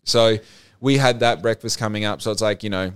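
Young man, casual podcast chat, smooth resonant voice, dry close sound, animated storytelling. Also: lowish voice, no echo. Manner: animated storyteller, quick rambling asides. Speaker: podcast host.

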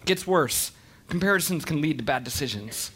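A man in his thirties giving an animated, expressive storytelling talk to an audience. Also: a little high, moderate pace, husky. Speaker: speaker.

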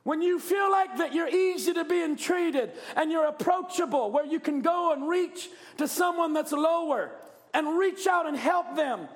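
Male preacher, fervent shouted sermon, very high pitch, gravelly fry. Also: animated, normal speed.

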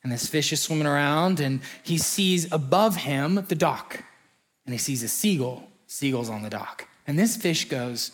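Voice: medium pitch, animated, moderate pace. A preacher giving a sermon, conversational and story-driven, often acting out short quotes.

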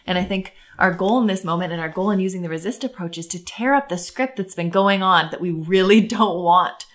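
Earnest low-voiced woman chatting about parenting. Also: a little fast. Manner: earnest, thinks aloud with fillers. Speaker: podcast co-host. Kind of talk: casual parenting chat.

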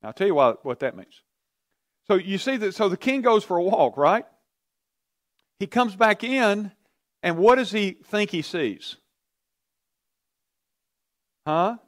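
Animated man teaching a Bible study. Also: high-pitched, measured pace, pauses often, dry recording, clean studio sound. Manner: animated storytelling, asks the class questions.

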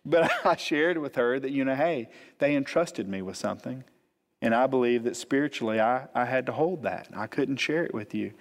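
A man, preaching as a pastor and telling a funny personal story, animated, acting out the quotes. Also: mid-range voice, normal speed. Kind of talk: storytelling sermon. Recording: long hall reverb.

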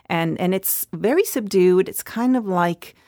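A woman guest on a podcast, who grew up in Mexico City, talking in a relaxed, rambling way with many fillers. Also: fairly low pitch, unhurried, no room sound, studio quality. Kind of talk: casual interview chat.

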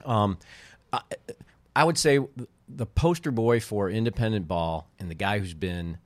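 A man's voice: on the low side, a little slow, dry recording. A middle-aged man, a former baseball team co-owner, telling rambling stories in casual chat and often breaking off his own sentences. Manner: rambling, self-interrupting storyteller.

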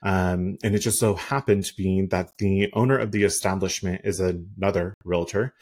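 Man, realtor, deep voice, husky, rambling podcast story, heated, lots of fillers. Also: steady tone, normal speed, a little mellow. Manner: heated, indignant.

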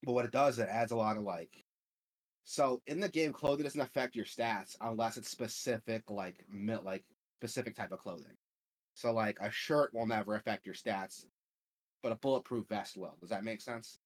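A man's voice: fairly low pitch, moderate pace. A young man hosting a casual gaming podcast, rambling with lots of fillers and swearing. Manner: rambling, profane, filler-heavy. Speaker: podcast host.

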